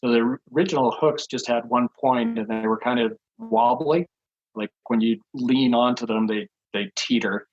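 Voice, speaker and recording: A man's voice: medium pitch, moderate pace. Guy in his 60s telling stories on a podcast, laughs a lot, kinda dull muffled sound. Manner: chuckles often, rambling with many fillers. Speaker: podcast guest. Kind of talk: casual anecdotal storytelling.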